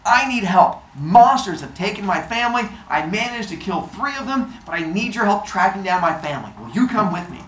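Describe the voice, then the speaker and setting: A man voicing a panicky, earnest young male hero who shouts in a high, strained voice, recorded in a roomy space. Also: animated, fairly quick, hardly any pauses, a little hiss or hum. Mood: pleading.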